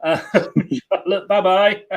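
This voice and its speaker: A man's voice: high-pitched, steady tone, takes it slowly. A man hosting a football watchalong stream, chatting casually, teasing and laughing often. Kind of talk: casual chat.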